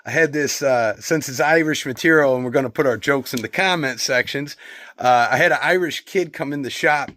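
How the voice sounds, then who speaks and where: A man's voice: medium pitch, a little fast, no room sound, clean studio sound. A man who sells used and antiquarian books, chatting casually as he shows off his finds and reads out their titles, tired after long days. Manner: chatty and relaxed, reading off book titles. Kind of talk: casual show-and-tell vlog.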